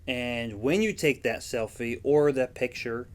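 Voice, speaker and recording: A man's voice: mid-range voice, measured pace, a little hiss or hum. A man, a guest vendor in a casual interview, speaking in an easygoing, plain-spoken way with frequent ums. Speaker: yarn dyer and guest vendor.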